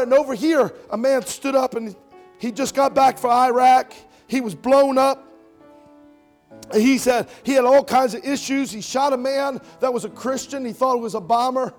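A man preaching a revival sermon, telling stories that swell to shouts and drop to a hush, ending in an altar call. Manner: storytelling, voice swells to shouts then drops low.

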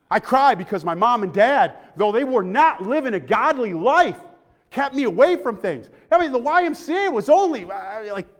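A man preaching an emotional, heartfelt sermon, often dropping to a soft voice. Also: sits high. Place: church sanctuary. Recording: long reverb of a large hall.

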